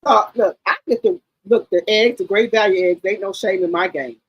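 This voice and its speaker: A middle-aged woman hosting a livestream, telling stories in a casual, animated, slangy chat and often repeating herself. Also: medium pitch, moderate pace, breathy edge, highs cut off. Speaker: livestream host.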